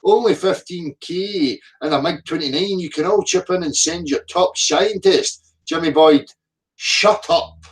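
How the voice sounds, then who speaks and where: Man, middle-aged, high-pitched, abrasive mocking rant, a bit far from the mic. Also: moderate pace, few pauses. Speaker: flat earth video commentator. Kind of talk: ranting reply to viewer comments.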